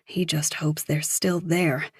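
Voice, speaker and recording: Low-voiced woman narrating a thriller. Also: flat delivery, takes it slowly, slightly rough, no echo, studio quality. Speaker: audiobook narrator.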